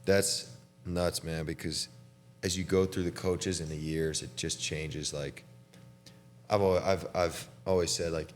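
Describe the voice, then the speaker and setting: Very deep-voiced young man, laid-back host. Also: fairly even intonation, a little slow, soft background music. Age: young adult. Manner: laid-back, chatty, laughs often, says "dude". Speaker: podcast host and college basketball player. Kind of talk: casual chat between teammates.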